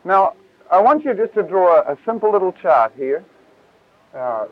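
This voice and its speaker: Man preacher, high voice, animated and folksy; tinny lo-fi tape sound. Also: unhurried, no room sound. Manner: lively, casual, acts out scripture voices. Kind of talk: Bible teaching talk.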